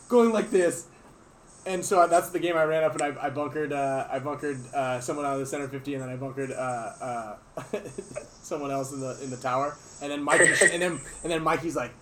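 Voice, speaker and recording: A man hosting a sports podcast, telling a lively story and acting out his teammates' lines. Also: on the high side, brisk, a little hiss or hum. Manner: animated, acts out teammates' lines. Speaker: podcast host and player. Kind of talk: casual storytelling.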